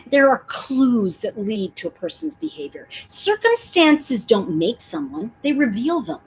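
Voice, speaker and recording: Animated, breathy woman chatting to viewers. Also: fairly high pitch, moderate pace, poor audio. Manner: animated, emphatic, talks to viewers in chat. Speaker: livestream host. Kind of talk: casual livestream chat.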